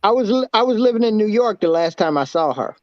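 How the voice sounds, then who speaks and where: High-voiced man, dull lo-fi sound. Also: lively intonation, quick pace, no room sound. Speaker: panelist. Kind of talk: casual group chat.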